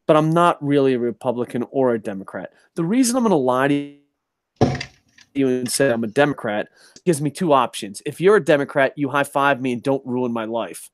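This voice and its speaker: A young adult man hosting a casual chat show, ranting in an animated, profane way. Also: mid-range voice, a little fast, dry recording. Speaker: podcast host.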